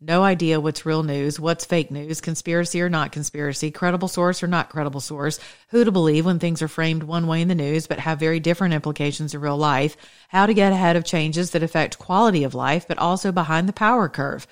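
Female host, low register, passionate sermon-style commentary. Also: brisk. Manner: passionate, preachy. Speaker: show host. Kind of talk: religious political commentary monologue.

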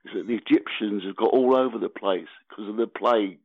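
A British man in his eighties, a guest on a phone interview, gruff, evasive and teasing. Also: fairly low pitch, fairly quick, no room sound. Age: 80s. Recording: tinny phone line.

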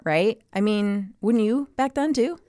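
A woman's voice: mid-range voice, a little slow, warm tone, smooth, no room sound, clean studio sound. A woman co-hosting a podcast, telling a story in casual chat with lots of asides. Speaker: podcast co-host.

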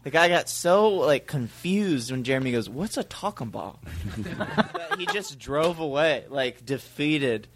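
A man's voice: on the high side, animated, slow pace, noisy background. A man telling rambling funny stories as a podcast guest, acting out the people in them. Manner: rambling anecdotal storyteller, acts out the people in his stories. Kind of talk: comedy podcast storytelling.

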